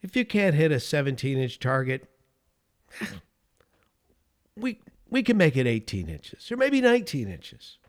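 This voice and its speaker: A seventy-eight-year-old coach speaks to a hall of his peers with weight behind every word, voiced by a man retelling the story. He talks slowly and deliberately, and his voice swings high and low as he drives each point home. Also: exaggerated voice. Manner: deliberate, drawn-out emphasis.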